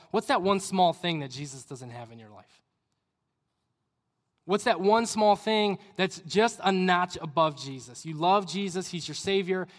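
A young adult man giving a conversational sermon as a youth pastor, acting out people's inner questions and dropping to quiet asides. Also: high voice. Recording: long hall reverb.

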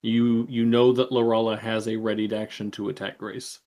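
A man acting as game master, calmly narrating turns and explaining rules of a tabletop game. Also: lowish voice. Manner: measured, explains rules with fillers.

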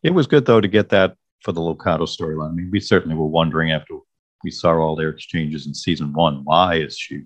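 A man's voice: extremely low pitch, quick pace, lo-fi sound. A man co-hosting a casual podcast chat recapping a TV show, agreeable and thoughtful, often affirming his co-host.

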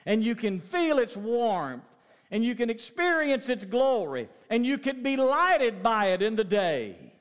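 Animated high-voiced preacher in reverb. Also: male voice, unhurried. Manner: dynamic preaching, swinging from loud emphasis to soft low asides. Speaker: pastor. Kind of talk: sermon. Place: church sanctuary. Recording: long church reverb.

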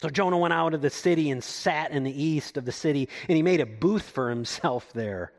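A man preaching a sermon, reading scripture aloud and explaining it, swinging from loud emphatic lines to hushed low asides. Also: fairly quick. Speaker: pastor.

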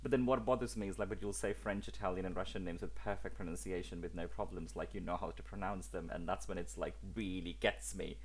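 A man with a very low voice talks as a podcast guest. His delivery is animated, with exasperated asides. He chats casually and at length. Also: fast talker, few pauses, a little hiss or hum.

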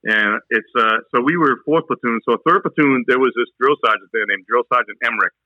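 Male veteran guest, rapid, bright, profane storyteller, dry close mic. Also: mid-range voice, dry recording, highs cut off. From New Hampshire. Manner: fast, rambling, profane. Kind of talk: casual storytelling.

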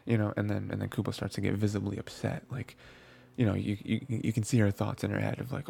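A man's voice: lowish voice, little pitch movement, fast talker, few pauses, dark tone. A man hosting an anime podcast, recapping episodes in a rambling casual chat with many fillers and restarts. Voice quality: gravelly, husky.

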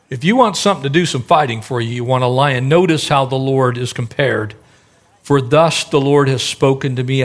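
A middle-aged male pastor preaching a sermon in a conversational way, acting out the voices in the stories he tells. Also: mid-range voice.

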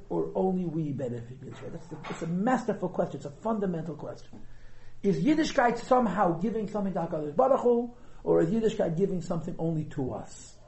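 A man teaching a Chassidus class to regulars, lively and thinking aloud as he explains, stressing key words. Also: high-pitched. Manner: thinks aloud, hedges and restarts often. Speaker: Torah teacher. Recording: echoey room.

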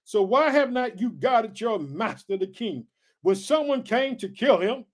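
A man's voice: very high-pitched, lively intonation, a little slow, full character voice. A man reading the lines of a bold young male warrior who taunts a general, with firm emphasis. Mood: taunting.

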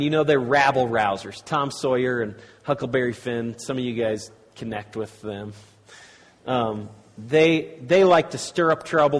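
A male preacher talks in a loose, conversational way, stopping and restarting as he speaks to the audience. His voice is husky. It echoes with the long reverb of a large church hall. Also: medium pitch. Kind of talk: sermon with storybook reading.

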